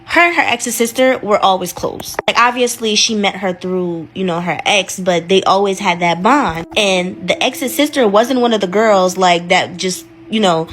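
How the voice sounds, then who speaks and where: A woman's voice: medium pitch, normal speed, hardly any pauses, a bit bright. A woman hosting her channel, telling a dramatic story in a chatty, casual way, full of "like"s.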